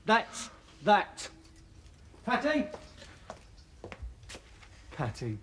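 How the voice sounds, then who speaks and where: An actress playing a weary, put-upon helper with a flat way of talking. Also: female voice, mid-range voice, drawn-out words, a little hiss or hum, heavily acted. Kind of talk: television drama acting.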